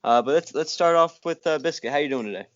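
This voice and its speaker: A man hosting a casual sports podcast, upbeat and quick to laugh, with frequent fillers. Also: on the high side, lo-fi sound, heavy background noise. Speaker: podcast host.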